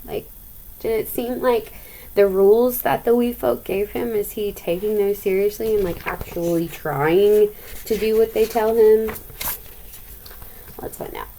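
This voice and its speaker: A woman teacher reading a storybook aloud to students, pausing to chat and ask them questions. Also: mid-range voice, steady tone, dark tone, a little hiss or hum, rough recording. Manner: chatty, asks the listeners questions.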